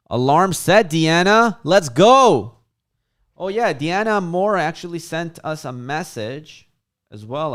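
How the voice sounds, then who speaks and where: A man's voice: mid-range voice, clean tone. A man from Chicago hosting a casual livestream and reading viewer comments aloud with lots of hype. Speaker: livestream host.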